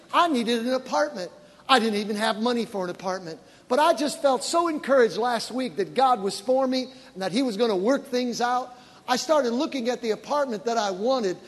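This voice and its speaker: A man, a pastor, preaching a sermon with animated storytelling that rises to shouted praise. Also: very high voice, breathy edge. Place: large church auditorium. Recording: long reverb of a large church hall with congregation. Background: faint congregation.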